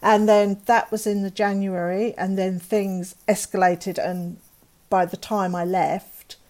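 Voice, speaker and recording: A woman's voice: medium pitch, flat delivery, unhurried, a little mellow. A middle-aged woman, a guest telling a painful personal story candidly and acting out the dialogue of others.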